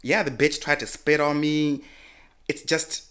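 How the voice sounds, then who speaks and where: A man's voice: fairly high pitch, little pitch movement, unhurried, fairly bright tone, clean tone. Man telling a heated, profane story. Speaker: podcast co-host. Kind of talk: casual podcast chat.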